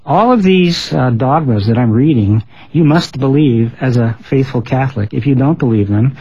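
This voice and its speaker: A man hosting a religious discussion in a measured way, reading quotations aloud. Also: mid-range voice, dark tone, slightly rough, dull audio. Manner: measured, reads quotes aloud. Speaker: host.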